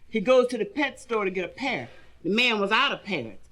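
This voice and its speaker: A woman's voice: mid-range voice, very animated, a little fast, a bit bright. A woman comedian telling bawdy jokes in a brassy stand-up style, laughing through her own punchlines.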